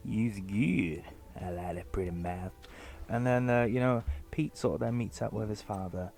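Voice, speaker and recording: A man's voice: mid-range voice, creaky, a little mellow. A man giving a casual, sarcastic book review. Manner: joking and sarcastic, with many fillers.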